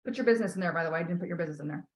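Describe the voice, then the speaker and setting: A woman's voice: fairly low pitch, rapid-fire, rough recording. A woman coaching a client on a call, talking bluntly, swearing freely and encouraging her. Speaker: life coach.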